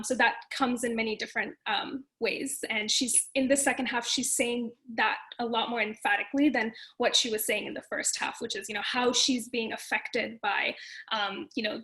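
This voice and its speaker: Higher-voiced woman explaining dance. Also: sharp tone, rough recording. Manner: thoughtful, many fillers, explains step by step. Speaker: dance panelist. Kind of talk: casual panel discussion.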